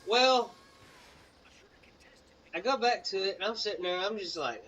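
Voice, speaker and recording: This young Mississippi man co-hosts a gaming channel, telling a rambling, casual story in a Southern US accent while he plays, full of fillers and breaking off to react to the game. His voice is high-pitched and sharp, a little slow with frequent pauses. He's far from the mic and the recording is rough.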